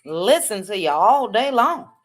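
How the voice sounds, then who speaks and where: Slow-talking woman hosting a live chat. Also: mid-range voice, sing-song, faint music behind. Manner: drawn-out, chatty greetings. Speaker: livestream host. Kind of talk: casual live chat greeting viewers.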